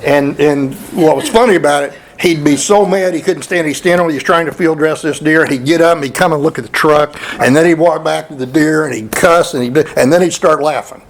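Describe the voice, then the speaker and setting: A man speaking at a memorial celebration, telling folksy hunting stories with chuckles and halting restarts. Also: a little high, a little hiss or hum, poor audio. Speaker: eulogy speaker. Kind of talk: storytelling at a memorial. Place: memorial gathering hall.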